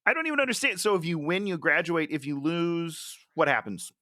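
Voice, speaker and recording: A man's voice: on the high side, animated, a little fast, pushed and bright, no room sound, clean studio sound. A man co-hosting a casual movie-critique podcast, sounding exasperated and laughing often as he rants. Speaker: podcast co-host.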